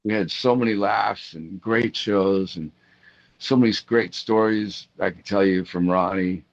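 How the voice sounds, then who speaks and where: Low-voiced middle-aged man telling rambling stories. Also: a little slow. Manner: rambling with frequent restarts and fillers; animated, acts out quoted voices. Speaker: rock guitarist interviewee. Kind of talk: casual interview storytelling. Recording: dull lo-fi audio.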